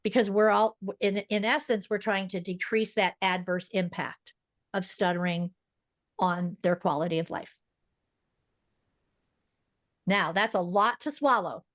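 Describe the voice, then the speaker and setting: A woman guest on a podcast interview talks quickly and emphatically, explaining things like a teacher. Her voice sits at an ordinary pitch for a woman. The recording is close and dry, with no room echo. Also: steady tone. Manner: fast-talking. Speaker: guest speech-language pathologist.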